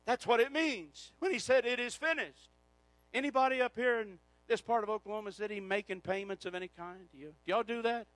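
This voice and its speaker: A man preaching a sermon, swinging from hushed passages to shouted climaxes. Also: extremely high pitch, no echo, rough recording.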